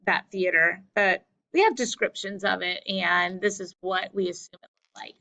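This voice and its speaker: A woman teacher giving a slow, deliberate lesson over slides, correcting herself now and then. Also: medium pitch, gravelly, bright, forceful tone, low-quality recording. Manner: slow, deliberate explaining with small self-corrections.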